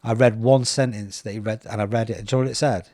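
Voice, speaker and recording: A British man, a podcast host, telling a personal story in a casual, animated way, acting out the voices of people he quotes. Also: lowish voice, quick pace. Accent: British English. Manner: animated, acts out quoted voices, repeats words.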